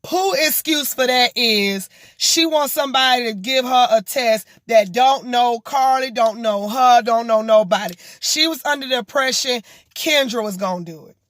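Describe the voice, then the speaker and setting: A woman vlogger recapping a reality show in blunt, profane, animated gossip commentary. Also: fairly high pitch, moderate pace, hardly any pauses, no echo. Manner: animated, mocking and exasperated.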